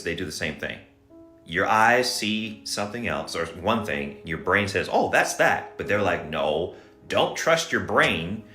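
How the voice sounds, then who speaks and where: A man's voice: low voice, sharp tone, reverberant. A man ranting insistently about a conspiracy theory, mocking his doubters. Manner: insistent, mocking, repeats "okay?".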